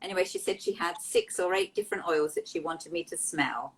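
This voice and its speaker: Woman, fairly low voice, heartfelt, animated storytelling, interview guest. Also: brisk, slightly rough, poor audio. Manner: heartfelt, emotional, animated anecdotes.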